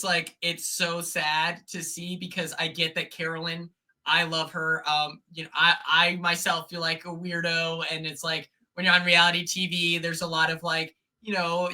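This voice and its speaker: Very bright-voiced man, animated guest. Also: a little high. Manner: animated, rambling, self-interrupting. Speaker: podcast guest. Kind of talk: casual chat.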